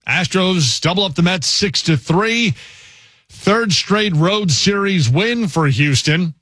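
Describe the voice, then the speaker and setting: A man hosting an overnight sports radio show, briskly reading scripted highlights. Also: animated, bright, forceful tone, no echo, clean studio sound. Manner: brisk, smooth newsreader delivery.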